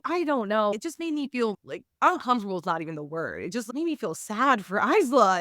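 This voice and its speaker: A woman's voice: medium pitch, sing-song, brisk, few pauses, a bit bright, dry recording, studio quality. A young woman co-hosting a podcast, chatting casually about a book and acting out scenes in mocking voices. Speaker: podcast co-host. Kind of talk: casual book review chat.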